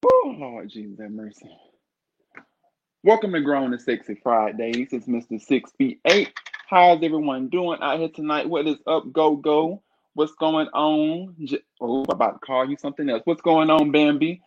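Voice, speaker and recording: A man hosting a casual livestream, talking in a sassy, flamboyant way with drawn-out exclamations. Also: on the high side, expressive, slight background noise. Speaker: livestream host. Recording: dull lo-fi stream audio.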